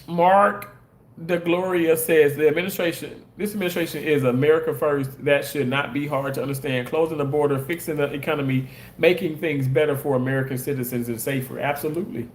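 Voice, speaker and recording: High-voiced man arguing with his live chat. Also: echoey room. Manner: defensive, argues back at commenters. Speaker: live streamer and content creator. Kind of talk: casual live-stream chat reading viewer comments.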